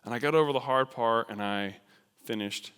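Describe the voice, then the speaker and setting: A man with a bright, clear voice tells a personal story to a church congregation. He talks in an animated, self-deprecating way, leaning on casual fillers. His voice carries a long reverb from the large sanctuary. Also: medium pitch, normal speed. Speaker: missionary speaker. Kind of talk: storytelling sermon.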